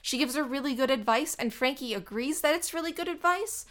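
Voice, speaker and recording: A woman co-hosting a casual podcast, talking through a cartoon episode with a fairly high voice. She slips into quick little character voices when she quotes the characters. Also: animated, fairly bright tone. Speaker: podcast co-host. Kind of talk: casual chat recapping a cartoon.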